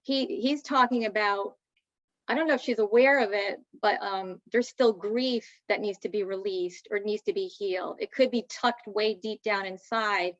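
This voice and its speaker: A woman giving medium readings as a guest, in a soft, reassuring manner with hesitant fillers. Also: medium pitch, moderate pace, no room sound, lo-fi sound. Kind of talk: spiritual reading, casual chat.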